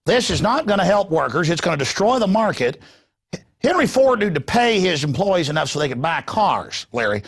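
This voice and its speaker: A man doing a lecturing older politician, exasperated and insistent, hammering his point again and again. The voice is pitched a little high and has a gravelly rasp. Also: big pitch swings, normal speed, heavily acted. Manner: insistent, lecturing, repeating a name. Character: impression of exasperated older male businessman-politician.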